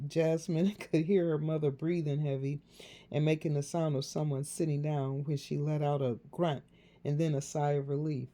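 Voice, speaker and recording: A woman narrating a novel in a measured storytelling delivery. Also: low voice, little pitch movement, dark tone. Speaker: audiobook narrator.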